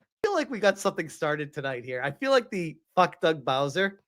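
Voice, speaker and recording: A man's voice: a little high, very animated, brisk, a bit bright. Fired-up, profane man ranting on stream. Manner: heated, profane, exasperated. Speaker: gaming streamer. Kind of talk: live stream rant.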